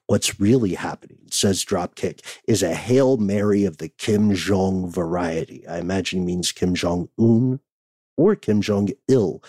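A man's voice: on the low side, mellow, no echo. A man hosting a podcast, reading listener letters aloud and chatting casually, often laughing.

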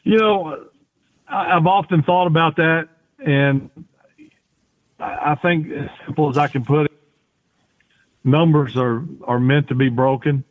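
A man, a former quarterback, telling rambling, folksy stories with many restarts as a podcast guest. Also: mid-range voice. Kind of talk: casual interview storytelling. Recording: tinny phone-like audio.

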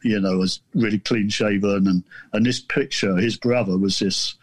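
A man from southern England, a guest author telling a story in casual chat, rambling and self-deprecating with halting restarts. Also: on the low side, fairly even intonation, no room sound.

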